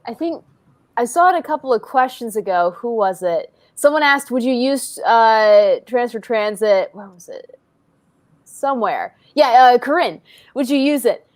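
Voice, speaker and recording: A woman's voice: a little high, lively intonation, a little slow. A female co-host in a casual online chat, talking enthusiastically and giggling. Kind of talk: casual live-stream chat.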